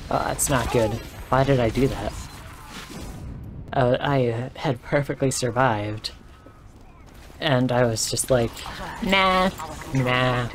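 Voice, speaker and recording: A man with a hoarse, worn-down voice gives rambling, excitable live commentary while streaming a game from his room. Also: medium pitch, slow, long pauses, noisy background. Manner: rambling and excitable, joking and laughing. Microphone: desk microphone.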